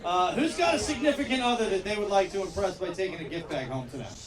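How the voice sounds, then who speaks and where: High-voiced emcee hyping an outdoor crowd. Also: male voice, lively intonation, quick pace, noisy background. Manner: loose, filler-heavy crowd banter. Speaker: emcee of the show. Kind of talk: live show hosting with crowd work. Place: outdoor backyard patio. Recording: echoey, distant, loud crowd. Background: loud crowd.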